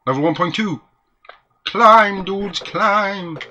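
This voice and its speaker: A man playing a retro video game with a friend, excitable and swearing often, with sudden high squeals. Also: slow, a little hiss or hum. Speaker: gamer. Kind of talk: casual co-op let's play banter.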